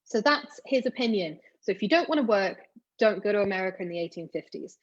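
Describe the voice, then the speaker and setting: A woman talks casually in a chatty, self-deprecating way, full of asides and fillers. Her voice is a little husky, at a middling pitch. The recording sounds slightly dull and lo-fi. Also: expressive, fast. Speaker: genealogy blogger. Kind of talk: casual explainer monologue.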